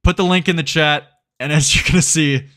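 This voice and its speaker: A man's voice: fairly high pitch, fairly even intonation, brisk, fairly bright tone. Sarcastic, laughing young male commentator. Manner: sarcastic, laughing, loose and rambling. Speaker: streamer commentator. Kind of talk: mocking commentary.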